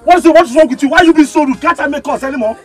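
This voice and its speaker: An actor playing a hot-tempered keke driver, quarrelsome and shouting, with a Nigerian accent. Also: male voice, extremely high pitch, very fast, soft background music. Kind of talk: Nollywood film acting.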